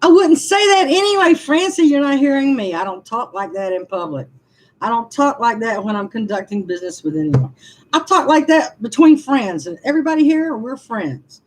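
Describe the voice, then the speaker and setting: A woman's voice: on the high side, very animated, moderate pace, darkish tone, slight background noise, poor audio. A woman, venting frankly to viewers on a casual livestream and answering their comments with laughing asides. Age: 60s. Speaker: livestream vlogger reading comments.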